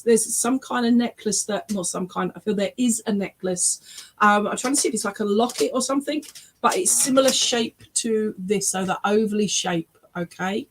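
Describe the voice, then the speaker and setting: A woman working as a spiritualist medium, giving an online reading over a video call in a chatty, emotional way that often breaks into laughter and tearful exclamations. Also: mid-range voice. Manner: chatty, checks in often with "okay?" and "all right?".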